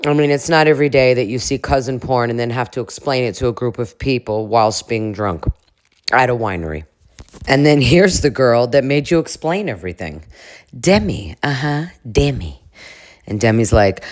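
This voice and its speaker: A woman's voice: rumbling low, animated, normal speed. A woman giving comedic reaction commentary on a reality show, chatty, with crude jokes and frequent laughs. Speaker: commentary vlogger.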